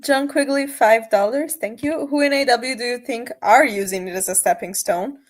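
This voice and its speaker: Easygoing female co-host, slightly high voice. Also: moderate pace. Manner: easygoing, reads out viewer donations. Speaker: podcast co-host. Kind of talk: casual podcast chat.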